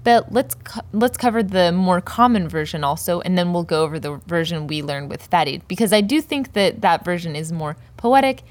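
A woman teaching a Persian poetry lesson, explaining words slowly and carefully pronouncing each example. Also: lowish voice.

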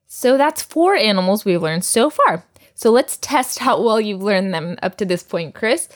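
A woman's voice: medium pitch, expressive, a little slow. A woman teaching vocabulary to a learner, patient and encouraging, often laughing. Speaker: language teacher.

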